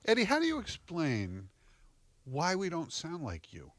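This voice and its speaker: A man's voice: on the high side, wildly swooping pitch, measured pace, dry recording. A man on a morning radio show, eagerly asking the guest questions.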